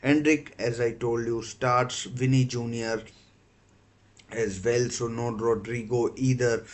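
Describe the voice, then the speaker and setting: Male football stream host, mid pitch, halting delivery with lots of fillers and self-corrections. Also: level tone. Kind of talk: casual live-stream commentary.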